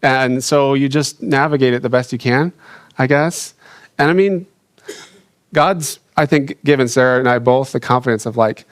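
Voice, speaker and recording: A young adult man sharing a personal faith story, earnest and halting, with frequent restarts and fillers. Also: mid-range voice, no room sound, studio quality. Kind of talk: reflective personal testimony.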